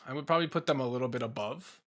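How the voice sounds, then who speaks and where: Talking rapid-fire in a medium-pitched, slightly bright voice, a young YouTuber casually ranks game creatures. His tier list commentary is rambling and opinionated, loaded with fillers.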